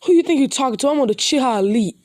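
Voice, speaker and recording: A woman's voice: high-pitched, animated, very fast, a little mellow, no echo. Woman doing a proud hot-headed ninja boy, boastful, dry sound. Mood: defiant. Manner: boastful, defensive.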